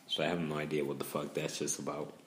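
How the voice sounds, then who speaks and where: A man's voice: rumbling low, level tone, fast, a bit bright, slight background noise. A young man, rambling casually and profanely in a laid-back monologue.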